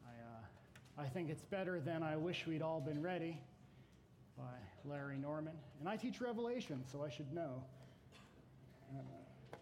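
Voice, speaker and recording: A man who teaches Bible classes giving an unhurried, reflective devotional talk to a gathering, with hesitant fillers. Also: a little high, animated, a little mellow, slight background noise.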